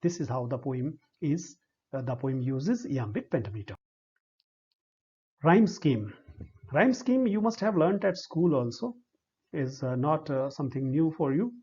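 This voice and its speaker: Indian english guy teaching slowly, soft dark tone, kinda husky, muffled recording. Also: fairly high pitch, animated. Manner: slow and deliberate, spells out syllables one by one. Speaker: English literature lecturer. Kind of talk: slow explanatory lecture. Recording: dull lo-fi recording.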